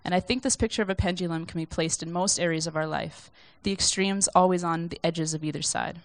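Brief: young woman, lowish voice, dry close sound, gentle conversational sermon read from notes. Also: fairly even intonation, fairly quick, no room sound. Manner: conversational, self-deprecating, reflective. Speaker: speaker sharing a church message.

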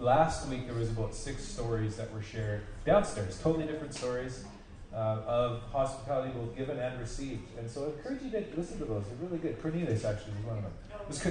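A man's voice: mid-range voice, a little mellow, far from the mic. A man leading a church service, speaking in an encouraging, thoughtful way with some fillers. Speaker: pastor. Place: church hall. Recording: echoey hall, off-mic, faint noise.

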